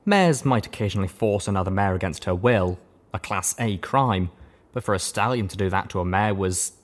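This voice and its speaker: A man narrating an audiobook in an expressive storytelling manner. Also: lowish voice, brisk.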